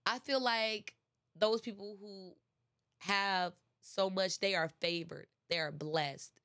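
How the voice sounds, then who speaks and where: A woman's voice: medium pitch, steady tone, slow, a bit bright, clean tone, dry recording. Woman, motivational speaker, casual and emphatic, middle voice, dry room. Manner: emphatic, repeats phrases for effect; chatty, addresses listeners directly. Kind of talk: casual inspirational talk.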